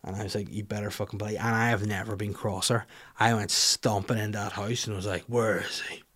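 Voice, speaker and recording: A man's voice: lowish voice, normal speed. Northern irish guy on a podcast, rambling sweary story, pokes fun at himself. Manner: animated, sweary, self-mocking storyteller. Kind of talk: casual storytelling chat.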